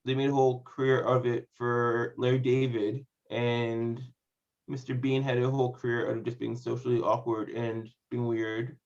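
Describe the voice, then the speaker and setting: Brief: male comedian guest, flat monotone delivery, halting with many uhs, dull lo-fi line. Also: mid-range voice. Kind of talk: interview answers.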